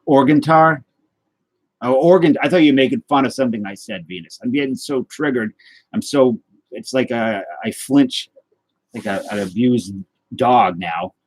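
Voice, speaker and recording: On his trading card and guitar livestream, a man with a mid-range voice speaks at normal speed, rambling casually as he answers viewer comments with self-deprecating jokes. There's no room sound.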